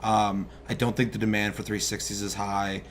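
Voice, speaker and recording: Excitable young man, low voice. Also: moderate pace, a little hiss or hum. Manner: loose, excitable, swears casually. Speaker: co-host. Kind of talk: casual gaming news chat.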